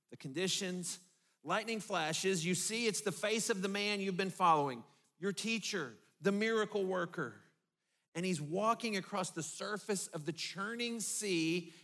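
Male pastor, higher voice, vivid sermon storytelling. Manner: vivid storytelling, drops low and soft for emphasis.

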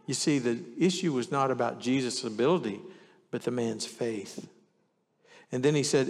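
A man preaches a sermon in an earnest way, leaning into the scripture he reads aloud. His voice sits at an ordinary middle pitch. The sound rings with the long reverb of a big church hall. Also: normal speed. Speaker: pastor.

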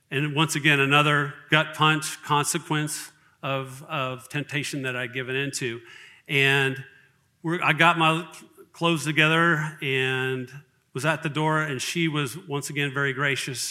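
A middle-aged man gives a personal testimony, his voice bright and a touch high. He talks earnestly and haltingly, stopping to restart his sentences as he goes. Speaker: church member giving testimony.

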